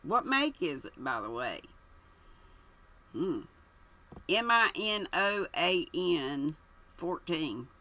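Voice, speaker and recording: A woman's voice: lowish voice, sing-song, takes it slowly, long pauses, heavily acted. Woman doing a barking impatient colonel. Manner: curt, sharp, barking. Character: impatient gruff older police colonel.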